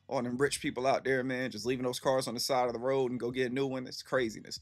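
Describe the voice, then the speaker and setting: A man's voice: medium pitch, fairly even intonation, brisk. A man in his thirties streaming and answering his chat in a rambling, slangy storytelling way full of fillers. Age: 30s. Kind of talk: casual livestream chat.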